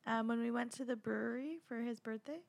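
A woman's voice: on the high side, steady tone, fairly quick, vocal fry. A woman joining a casual chat from off mic, teasing and laughing along.

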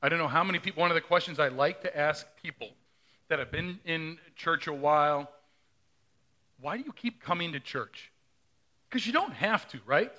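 In a conversational sermon full of questions for the congregation, this middle-aged man speaks with lively intonation at a normal speed. His voice is slightly high, with a bright, forceful quality.

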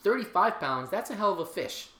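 Profane joking woman, bright echoey voice. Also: mid-range voice, expressive, brisk. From Chicago. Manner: loud, profane, riffing. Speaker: podcast co-host. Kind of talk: casual comedic chat. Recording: echoey room.

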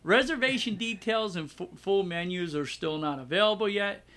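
A man's voice: high voice, normal speed, fairly bright tone. A middle-aged American man co-hosting a podcast, chatty and self-mocking, laughing at himself as he reads out news items. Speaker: podcast co-host. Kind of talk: casual podcast chat.

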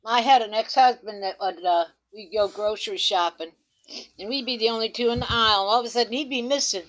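A woman's voice: a little high, fairly quick, fairly bright tone, low-quality recording. A woman telling a funny personal anecdote in a casual podcast chat, often laughing as she talks.

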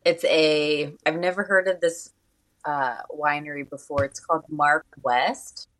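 A woman's voice: low voice, steady tone, measured pace, fairly bright tone. A woman in her thirties co-hosting a podcast in casual, chatty talk full of fillers. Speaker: podcast co-host. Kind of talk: casual chat.

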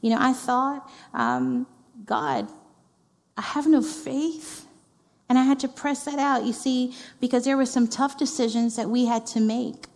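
A woman's voice: high voice, fairly even intonation, normal speed, vocal fry, hardly any pauses, darkish tone. Woman pastor, heartfelt sermon, conversational and emphatic, echoing church hall. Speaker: executive pastor. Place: church sanctuary.

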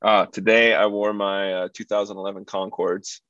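A man talks in a loose, easygoing way on a casual podcast, his voice sitting low. The sound is dry with little room to it. It comes across slightly muffled. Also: level tone, moderate pace, a bit bright, no echo. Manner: laid-back, loose, full of "like". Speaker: podcast participant.

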